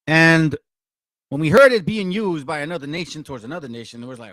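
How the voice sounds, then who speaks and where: A man's voice: fairly high pitch, fast talker, a bit bright, dry recording, clean studio sound. A man, hosting a blunt, confrontational and profane commentary for viewers. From Mexico. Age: 40s. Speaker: channel host.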